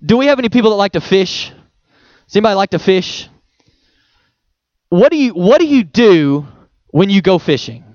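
A man's voice: sits high, lively intonation, moderate pace, pauses often, a little mellow, no echo, highs cut off. A male pastor giving a sermon in a conversational, playful way, with homely examples.

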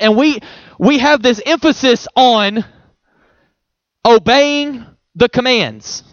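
A young man with a high voice preaches in a church, keeping it conversational with rhetorical questions and quick chuckles. His voice sounds dry and slightly dull, close to the mic. It comes across as an everyday sermon to a congregation. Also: expressive, dry recording. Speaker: pastor.

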